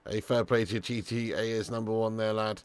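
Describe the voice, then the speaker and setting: Hosting a football watch-along stream, a man reads the live chat in a casual, chatty way, cursing freely and addressing viewers as "lad." His lowish voice is clear and resonant, delivered flatly and a little fast.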